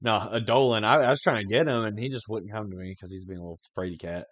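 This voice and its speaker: A man's voice: lowish voice, fast talker, a bit bright. A man co-hosting a podcast in casual chat, swearing often and telling rambling stories with frequent laughs. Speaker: podcast co-host.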